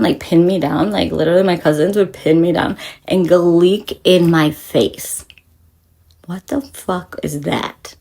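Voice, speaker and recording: A woman giving a casual, profanity-laced spiritual pep talk, rambling and emphatic, sometimes dropping to a soft whisper. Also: lowish voice, gravelly, husky. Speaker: spiritual reader.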